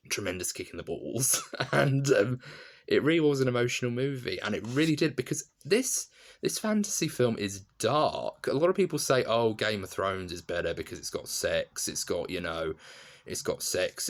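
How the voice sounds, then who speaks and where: Chatty young man, lowish voice. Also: a bit bright. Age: young adult. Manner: enthusiastic, rambling, with frequent restarts and laughs. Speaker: film reviewer. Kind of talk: casual spoken film review.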